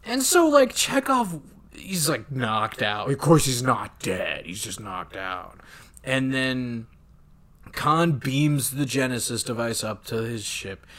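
A man casually retelling a film with lots of swearing and animated asides. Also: medium pitch. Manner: profane, animated retelling with quick voiced asides. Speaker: podcast co-host recapping a film. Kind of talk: casual chat.

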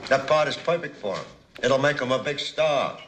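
Actor playing a furious film producer. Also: male voice, mid-range voice, moderate pace, fairly bright tone, reverberant, slight background noise, close to an everyday voice. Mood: spiteful.

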